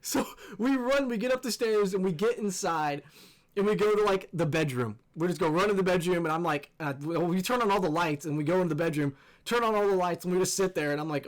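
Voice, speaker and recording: A young man, host of a gaming channel, telling a scary story in an animated, excitable way and swearing freely. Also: sits high, fast talker. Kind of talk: casual storytelling over gameplay.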